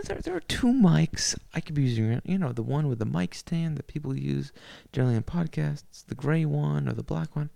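A man hosting a podcast as a crude, rambling comic monologue from his bedroom, repeating words and swooping up in pitch, into a stand-up microphone. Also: creaky, warm tone, dry recording. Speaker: podcast host. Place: bedroom at home.

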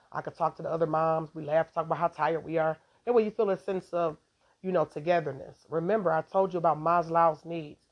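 A woman hosting a podcast, giving a casual, rambling devotional talk and laughing often, on a dull lo-fi recording. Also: low-pitched.

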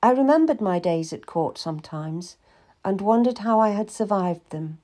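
A woman reading a first-person historical story aloud with measured, expressive storytelling. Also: mid-range voice. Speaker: audiobook narrator. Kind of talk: scripted first-person narration.

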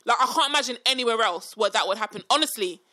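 A young woman in casual chat, telling stories in an animated way, swearing freely and acting out what people said. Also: fairly high pitch, fast talker. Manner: animated storyteller, swears freely, acts out quotes.

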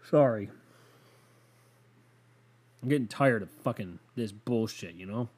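A man hosting a podcast, ranting casually and profanely, sighing often and swinging between loud outbursts and low muttering. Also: takes it slowly, slightly rough. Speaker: podcast host.

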